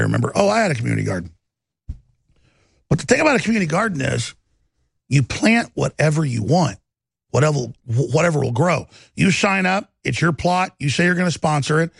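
Brief: high, gravelly middle-aged male commentator, scornful. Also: no echo, clean studio sound. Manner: scornful, rambling, mocking. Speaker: host. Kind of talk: combative political commentary.

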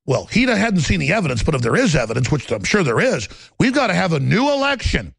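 A man's voice: a little high, very animated, quick pace, vocal fry, slightly rough, dry recording. A man hosting a talk show, ranting angrily and mockingly in studio commentary, with sneering impressions of others. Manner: angry, mocking, shouting rants with sneering impressions.

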